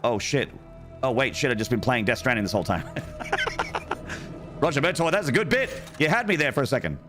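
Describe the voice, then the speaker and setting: Man, gaming streamer, rambling self-interrupting chat, playful, middle pitch. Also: animated, fairly quick, music in the background.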